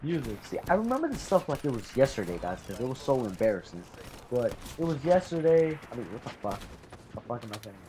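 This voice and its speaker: A man's voice: medium pitch, big pitch swings, quick pace, background noise. A fourteen-year-old boy telling an embarrassing story to his viewers, rambling, swearing and calling out "guys". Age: teenager, fourteen. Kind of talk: casual storytelling to camera.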